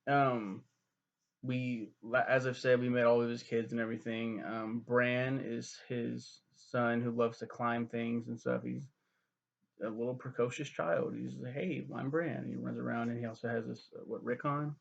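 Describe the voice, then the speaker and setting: Gravelly young man swearing through a recap. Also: medium pitch, level tone, moderate pace. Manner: profane, rambling with fillers and self-corrections. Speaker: TV reviewer. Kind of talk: casual rambling show recap. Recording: dull lo-fi recording.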